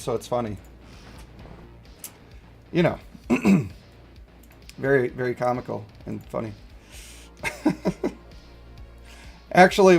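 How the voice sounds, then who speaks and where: Chatty, slightly high-voiced male streamer. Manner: rambling, chuckling, answering chat. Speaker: mobile game streamer. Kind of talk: casual livestream chat.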